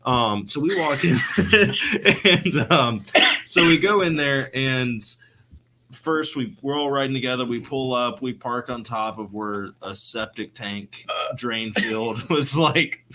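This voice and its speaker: Male podcast co-host; laid-back storyteller, mid pitch, bright tone. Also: slow, slight background noise. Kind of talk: casual podcast chat.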